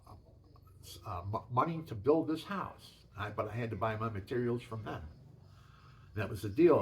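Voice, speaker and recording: An older man tells homespun stories about his house, his cats and hunting. He rambles, trips over his words and restarts often. His voice sits at an everyday middle pitch for a man. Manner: rambling, folksy, many restarts. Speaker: home video maker. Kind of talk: casual storytelling.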